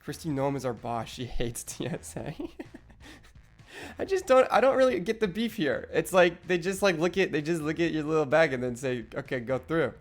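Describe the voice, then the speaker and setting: A man's voice: on the high side, expressive, normal speed, soft background music. A young man streaming live, rambling in casual, profane chat with lots of restarts.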